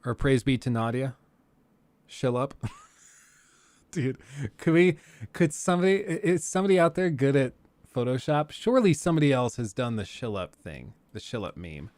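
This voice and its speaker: Young male live-stream host, casual and jokey, laughs often, average pitch, dry close sound. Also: big pitch swings, moderate pace, darkish tone, no echo. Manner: rambling, joking, laughs often. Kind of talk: casual chat with live chat viewers.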